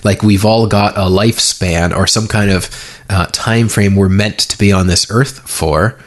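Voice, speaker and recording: A man's voice: on the low side, fairly even intonation, a little slow. A man hosting a podcast, chatting loosely and rambling with lots of fillers. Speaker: podcast host. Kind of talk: casual conversation.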